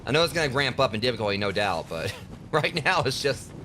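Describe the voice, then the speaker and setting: Dude streaming a game, mouthing off at enemies, super lively pitch, quick talker. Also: male voice, slight background noise. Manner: brash trash-talking, mouthing off at enemies. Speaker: gaming streamer. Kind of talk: casual gameplay commentary.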